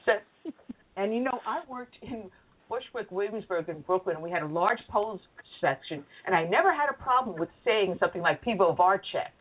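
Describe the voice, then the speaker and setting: A woman hosting a radio talk show, chatty and quick to laugh at herself. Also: mid-range voice, expressive. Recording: phone-like call-in audio.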